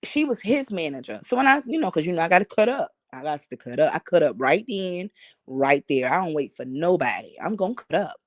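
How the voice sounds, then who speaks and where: A woman live-streaming in casual chat, telling profane, animated stories and talking to her viewers. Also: on the low side, a little fast, no room sound, studio quality. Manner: talks to chat and reads comments aloud.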